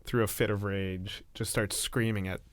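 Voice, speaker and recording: A man narrating his character's actions in a tabletop role-playing game in a measured, descriptive way. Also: lowish voice, flat delivery, no room sound. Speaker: game player.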